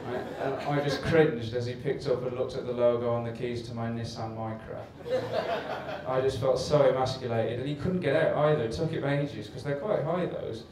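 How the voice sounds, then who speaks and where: A man with a medium-pitched voice works through a rambling, self-mocking story at a moderate pace during a comedy club set. Hiss and echo mark the far-off live recording.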